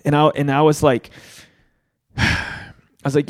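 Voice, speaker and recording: Animated, swearing man with a fairly high voice. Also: slow. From Rhode Island. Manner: animated, swears freely, acts out quotes. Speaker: podcast host, standup comedian. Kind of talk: candid podcast talk.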